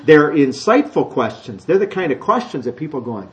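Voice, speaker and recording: A man's voice: a little high, fairly quick, few pauses. A middle-aged man preaching a conversational sermon in church. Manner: conversational, animated, acts out children's voices. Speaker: pastor. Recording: dull lo-fi church recording.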